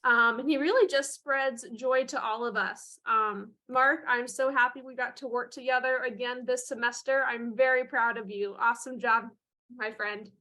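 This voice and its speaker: A woman's voice: on the high side, fairly even intonation, normal speed, few pauses, pushed and bright. A woman clinician presenting a certificate at a virtual ceremony, praising a child with enthusiastic pride and a few fillers, over a video call.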